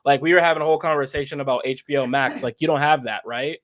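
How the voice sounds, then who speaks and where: A young man co-hosting a livestream, chatting in an animated, excitable way with lots of restarts. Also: medium pitch, fast. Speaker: livestream co-host. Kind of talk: casual chat.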